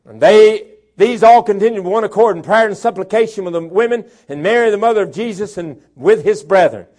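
A man preaching a sermon as pastor, dropping to quiet talk and rising to shouted preaching. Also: high-pitched, fairly quick. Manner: swings from soft talk to shouted preaching, imitates a chainsaw.

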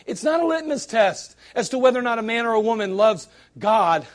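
A man's voice: very high voice, sing-song, a little fast. A man preaching a sermon at a church service, emphatic and full of rhetorical questions and sarcastic asides. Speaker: pastor.

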